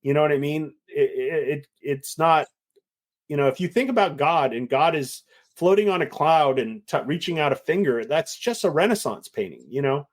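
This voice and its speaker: A middle-aged man, a winemaker, chatting casually and telling a lively story, acting out the voices of the people in it. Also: fairly high pitch, normal speed. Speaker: winemaker guest. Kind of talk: casual chat.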